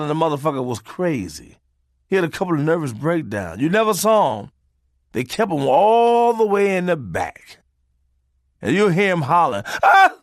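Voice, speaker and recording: A man telling comic family stories in a profane, animated way. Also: a little high, no echo, studio quality. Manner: profane, animated, laughs often.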